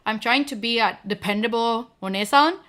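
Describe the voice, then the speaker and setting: A woman's voice: on the high side, moderate pace, a bit bright. A young adult woman streamer talking to her viewers in an emotional, gushing way, teary and close to crying, with lots of fillers. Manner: tearful, gushing, many fillers. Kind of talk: emotional casual chat to viewers.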